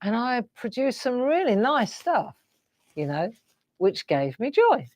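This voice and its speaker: A woman's voice: a little high, sing-song, measured pace, no echo. A middle-aged woman, hosting a live craft show and musing in a rambling, reflective way while tearful. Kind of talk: casual live-stream chat.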